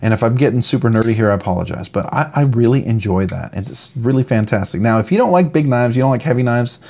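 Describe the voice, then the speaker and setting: A man talks through a knife review in a relaxed, chatty way. He rambles, restarts his sentences and gushes with enthusiasm. His voice sits at an ordinary, middling pitch. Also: quick pace, vocal fry. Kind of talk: casual product review.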